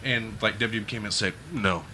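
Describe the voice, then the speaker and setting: A man co-hosting a casual podcast, telling a long profane story and acting out shouted trash talk. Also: fairly low pitch, steady tone, quick pace, slight background noise. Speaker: podcast co-host. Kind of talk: casual chat, animated storytelling.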